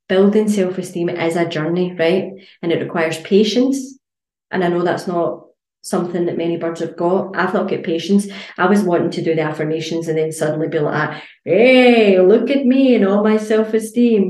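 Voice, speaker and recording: A woman's voice: lowish voice, darkish tone, roomy sound. A woman hosting a casual solo podcast as a fitness coach, blunt and chatty with plenty of swearing.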